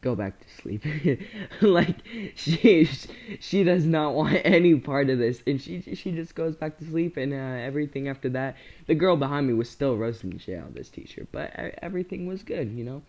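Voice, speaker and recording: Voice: medium pitch, expressive, normal speed, a little mellow. A young speaker telling a casual storytime, rambling with slang and frequent laughter. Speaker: storyteller vlogger.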